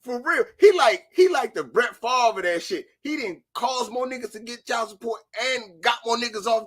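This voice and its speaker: Profane dude in casual chat, bright tone, gets loud in bursts. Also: male voice, very high voice, normal speed, hardly any pauses. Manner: animated, profane, jumps to shouting in bursts. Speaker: podcast co-host.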